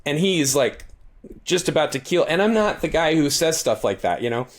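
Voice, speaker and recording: A man being interviewed as a guest author, telling a long story in a casual, animated way with many asides and restarts. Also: moderate pace. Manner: animated, acts out quoted lines with shifting pitch; talkative, frequent restarts and asides.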